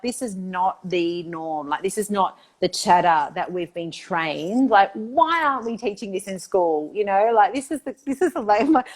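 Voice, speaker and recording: A middle-aged woman, chatting enthusiastically as an interview guest, full of "like" and "you know". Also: medium pitch. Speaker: guest, institute founder. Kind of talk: casual interview chat.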